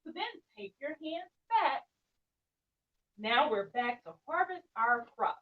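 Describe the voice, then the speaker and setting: Lively high-voiced woman teaching kids yoga. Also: slow pace. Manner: playful, encouraging, sing-song prompts. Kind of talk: children's yoga class instruction. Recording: muffled sound, distant from the mic.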